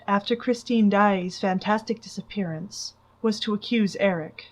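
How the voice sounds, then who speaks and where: Woman, audiobook narrator, measured, dramatic, mid pitch. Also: poor audio. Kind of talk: audiobook reading.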